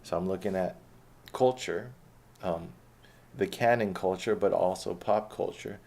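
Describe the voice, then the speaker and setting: A man with a deep voice full of creaky fry talks in a loose, reflective way. He reads his own profane spoken-word poetry with the same unhurried, blunt delivery. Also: darkish tone. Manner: low-key and reflective, swearing freely. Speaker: poet reading his own work. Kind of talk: casual talk and spoken-word poetry reading.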